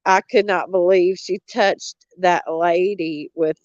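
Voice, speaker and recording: A woman's voice: on the low side, steady tone, takes it slowly, darkish tone, no echo, lo-fi sound. A woman, a vlogger gossiping in a blunt, mocking way, often laughing and cursing. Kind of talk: casual gossip chat.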